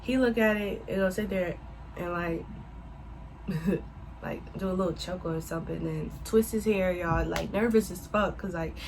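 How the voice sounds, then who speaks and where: A woman telling a casual storytime to her viewers, animated and swearing freely as she addresses them as y'all. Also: fairly low pitch, moderate pace, rough recording. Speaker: vlogger.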